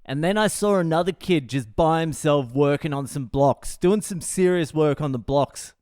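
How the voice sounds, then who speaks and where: A man talks through a comic story from his own life, swearing constantly in a wry, deadpan way. His voice is a touch high for a man, smooth and clear. It is recorded close and dry, with no room sound. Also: moderate pace, dry recording. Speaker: comedian podcast host.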